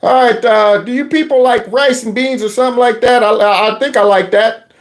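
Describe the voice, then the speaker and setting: A man's voice: very high-pitched, fairly even intonation, fairly quick. A man hosting a reaction commentary channel, mocking and sarcastic with laughing asides.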